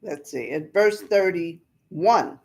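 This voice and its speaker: A woman's voice: lowish voice, animated, drawn-out words, vocal fry. Plain-spoken woman teaching the Bible. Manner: plain-spoken, explains scripture in everyday words. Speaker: preacher.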